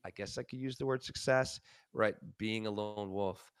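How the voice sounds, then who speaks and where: Earnest, smooth-voiced male podcast co-host. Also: on the low side, moderate pace, no room sound, clean studio sound. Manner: earnest, reflective, with many fillers. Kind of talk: casual podcast chat.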